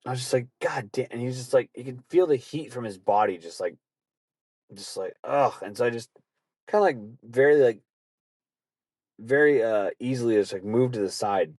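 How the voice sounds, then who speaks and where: A podcast host telling casual, rambling stories with lots of swearing and frequent laughter. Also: male voice, medium pitch, lively intonation, brisk, darkish tone, dry recording. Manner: profane, rambling, laughing often. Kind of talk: casual storytelling.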